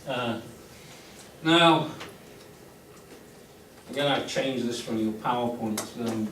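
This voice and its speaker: A man's voice: medium pitch, takes it slowly. A man giving a classroom lecture in an explanatory way, often restarting his sentences. He speaks from a distance in an echoey classroom, with faint background noise. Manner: explanatory, frequent restarts and fillers.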